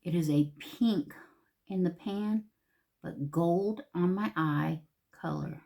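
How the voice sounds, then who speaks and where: A woman talks her way through a makeup look in a relaxed, chatty tutorial. Her voice sits a little low for a woman, and she often drops to a near whisper mid-thought before coming back up. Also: slow, creaky. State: a little out of breath. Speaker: makeup vlogger. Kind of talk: casual makeup tutorial chat.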